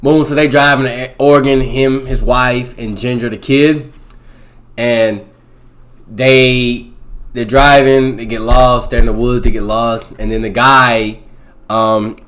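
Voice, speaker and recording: A young man casually recapping a movie plot in a rambling, slangy way, peppering it with "boom" and "bro". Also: steady tone, slow, fairly bright tone. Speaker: movie reviewer.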